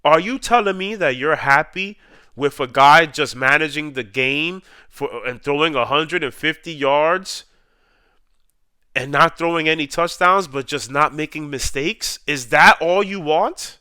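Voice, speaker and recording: A man's voice: on the high side, sharp tone, smooth, dry recording, clean studio sound. A man delivering an emotional, heated fan rant about his football team, repeating points for emphasis. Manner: heated, repetitive, drawn-out emphasis. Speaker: sports YouTuber ranting.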